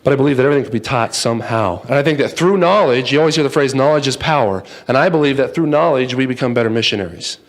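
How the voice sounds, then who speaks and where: Brief: a man as speaker telling a joking story, lively and playful. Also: mid-range voice, racing, few pauses. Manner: playful, acts out voices, jokes with the audience. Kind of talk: humorous storytelling talk. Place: in front of a live audience.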